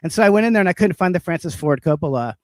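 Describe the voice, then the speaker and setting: A man with a high voice holds forth on a casual livestream, ranting and swearing with lots of laughter. The sound is close and dry, with no room around it. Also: expressive, rapid-fire, no echo. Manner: profane, ranting, laughs often. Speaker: livestream co-host. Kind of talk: casual comedic chat.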